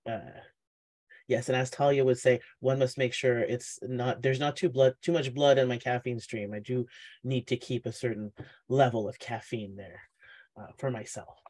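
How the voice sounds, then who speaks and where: A man emceeing an online book launch, talking casually at a middle pitch. He rambles, doubles back, and fills pauses with ums and uhs. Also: steady tone, darkish tone. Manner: chatty, rambling, with many ums and hesitations. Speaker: event host.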